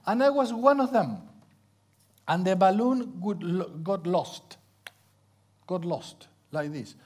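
A middle-aged man preaching a sermon, swinging from loud exclamations to hushed near-whispers and acting out sounds. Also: high-pitched, takes it slowly. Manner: acts out sounds with playful onomatopoeia.

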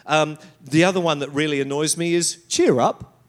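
A middle-aged male pastor preaching a sermon, animated and conversational, with mocking quoted asides. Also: a little high, a little fast.

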